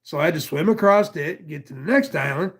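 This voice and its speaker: A man's voice: fairly high pitch, lively intonation, brisk, gravelly, fairly bright tone. A man from northwestern Pennsylvania telling a long story in casual chat, rambling and profane with many asides.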